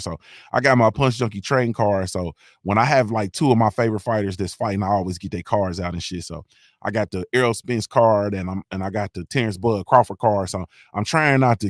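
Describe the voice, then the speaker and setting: A man hosting a boxing fan show in casual, slangy talk, excited and repeating himself as he goes. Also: lowish voice, no echo, studio quality.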